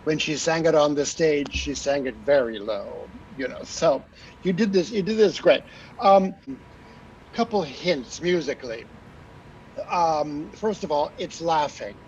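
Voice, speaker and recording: A man's voice: on the high side, animated, measured pace, darkish tone, a little hiss or hum. A man coaching an opera singer after her aria, chatty, with fillers, singing short phrases to show what he means. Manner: chatty, sings phrases to demonstrate, many fillers. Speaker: opera coach on a master class panel. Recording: dull lo-fi recording.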